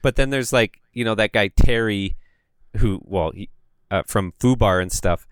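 A man co-hosting a casual chat, relaxed and swearing in passing. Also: on the low side, moderate pace, clean tone, no echo, studio quality. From Canada. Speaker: podcast co-host.

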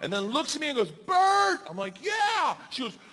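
A man in his forties doing stand-up storytelling on a live stage, loud and profane, building to shouts. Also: high voice, animated, racing, husky. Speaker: stand-up comedian. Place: comedy stage before a crowd. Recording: live stage with audience noise.

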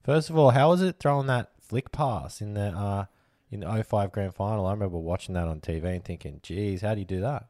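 Australian man hosting a footy podcast, lowish voice, dry close sound, exasperated and sweary. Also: fairly quick, dry recording. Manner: animated, exasperated, swears freely. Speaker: podcast host. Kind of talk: comedic podcast sketch.

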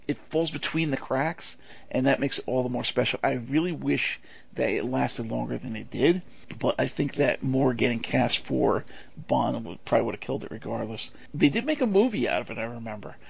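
A middle-aged man co-hosting a podcast in casual chat, animated and full of anecdotes. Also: medium pitch, moderate pace, vocal fry, slightly rough. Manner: animated, tells stories and slips into impressions. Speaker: podcast co-host. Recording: dull lo-fi audio.

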